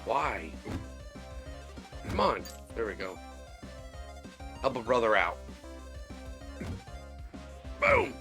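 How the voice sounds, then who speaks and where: An excitable man commenting as he plays a video game and talks to his viewers. His voice is gravelly and bright, with faint game music underneath. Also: lowish voice, takes it slowly, pauses often. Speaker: gaming video creator. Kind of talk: casual let's-play commentary.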